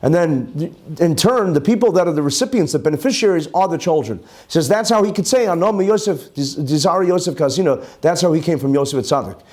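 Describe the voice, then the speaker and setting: A man who is a rabbi, teaching a Talmud class and explaining each term twice, with Hebrew and Yiddish words mixed in and lively rhetorical questions. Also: a little high, fast talker.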